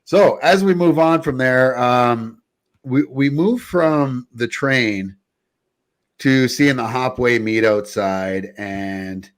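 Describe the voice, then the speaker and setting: A man's voice: mid-range voice, slow pace. A man hosting a casual show, retelling scenes and often laughing as he talks. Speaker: podcast host. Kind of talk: casual review chat.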